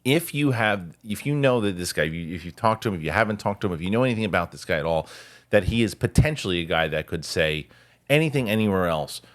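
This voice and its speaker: A man hosting a casual podcast chat, talking animatedly and jumping up in pitch whenever he quotes other people. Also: quick pace. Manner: animated, jumps in pitch when quoting others. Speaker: host.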